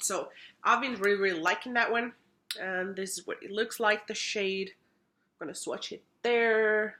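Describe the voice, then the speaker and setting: Bright-voiced woman doing a casual makeup review vlog at home, kinda rambly. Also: mid-range voice. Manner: chatty, repeats words for emphasis. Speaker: makeup vlogger. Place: home room.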